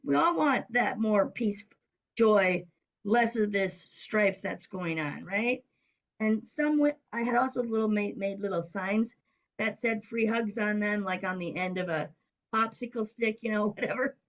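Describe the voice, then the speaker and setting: Middle-aged woman, interview guest, animated anecdote teller, voices other people when she quotes them. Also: mid-range voice, unhurried, highs cut off. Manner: lively storyteller who acts out quoted voices. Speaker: guest, business coach. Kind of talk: casual storytelling interview.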